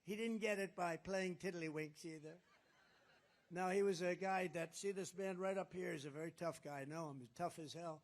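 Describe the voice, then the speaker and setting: A man speaks to a rally crowd, his voice sitting rather high for a man. He rambles and boasts, circling back to the same phrases again and again. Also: normal speed. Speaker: political candidate. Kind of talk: campaign rally speech. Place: rally at a golf resort.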